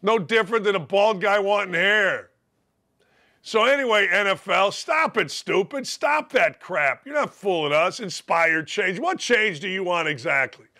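Brash, bright-voiced male sports host. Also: sits high. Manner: brash, combative, mocking. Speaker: sports talk show host. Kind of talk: opinionated sports talk monologue.

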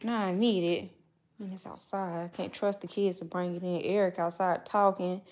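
A lowish, darkish, steady female voice at normal speed belongs to a vlogger making food in her home kitchen. Between steps she chats loosely with her viewers and kids, and the phone camera recording her is set down now and then.

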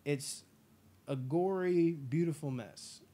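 A man hosting a casual movie review chat, enthusiastic and profane, acting out scenes in quick impressions. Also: fairly high pitch, mellow. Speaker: podcast host.

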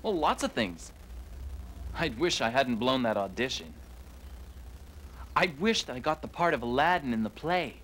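A man's voice: medium pitch, normal speed, pauses often, slight background noise, lightly acted, low-quality recording. An actor playing a young man who hopes to become an actor, talking earnestly about his failures and wishes. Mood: wistful. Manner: earnest, expressive. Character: young man, aspiring actor, self-critical. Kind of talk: children's TV drama acting.

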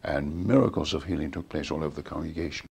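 Older male storyteller, low and husky, acts out quoted dialogue. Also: fast, darkish tone. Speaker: interviewee recounting a preacher's ministry. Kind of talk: storytelling interview.

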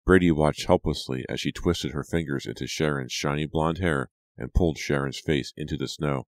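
A man narrating a horror audiobook in a dramatic, measured reading. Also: a bass voice, no echo, studio quality.

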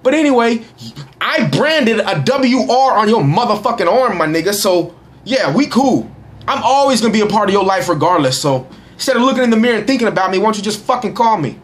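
A young man giving casual, boisterous shout-outs to followers in a profane, slangy way. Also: high voice, lively intonation, a little fast. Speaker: vlogger reading social media shout-outs. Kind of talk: casual live shout-out chat.

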